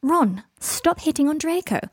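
A clever young woman who speaks briskly and scolds her friends a little, as a woman reads her. The voice rides above the narration and stays crisp. The sound is dry and close to the mic. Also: high voice, lively intonation, dark tone, no room sound, pitched above the performer's own voice, exaggerated voice.

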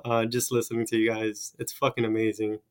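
A man's voice: lowish voice, level tone, brisk, clear, resonant tone. A man co-hosting a casual group audio chat, talking in a laid-back way, swearing freely and praising the guests. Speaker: co-host.

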